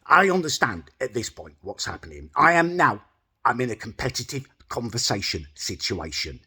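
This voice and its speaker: A man tells a comic story straight to camera, sweary and exasperated, puffed up with his own importance. His voice has a husky grain. His pitch rises and falls a lot as he talks. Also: very animated, normal speed, sharp tone. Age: adult, older than mid-twenties. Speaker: storytelling host.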